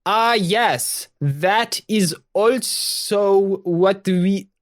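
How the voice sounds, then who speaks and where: A man voicing an awkward young woman who speaks stiffly, halting and overly formal, putting on a poor accent. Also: high voice, pitched above the performer's own voice.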